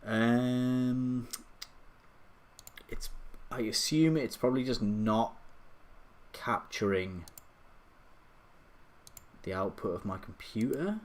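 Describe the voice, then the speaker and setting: A man's voice: medium pitch, takes it slowly, long pauses. A man live streaming late at night from his home computer, rambling and self-deprecating, with lots of hesitant restarts. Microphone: desktop USB microphone.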